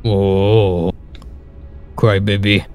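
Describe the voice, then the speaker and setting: Slow-talking man player in character. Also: fairly low pitch, level tone, a little mellow, faint music behind. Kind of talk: in-character tabletop role-play.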